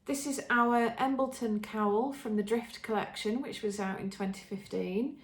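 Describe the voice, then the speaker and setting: A woman's voice: fairly high pitch, fairly even intonation, normal speed. An English woman hosting a podcast, chatting casually and enthusiastically with many ums and restarts. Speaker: podcast host showing knitting. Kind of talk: casual show-and-tell chat. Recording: roomy echo.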